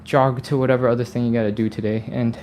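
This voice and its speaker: A man's voice: medium pitch, little pitch movement, fast, darkish tone, a little hiss or hum. A man leading a live stretching workout, chatty and upbeat, sighing and laughing between cues. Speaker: stretching coach.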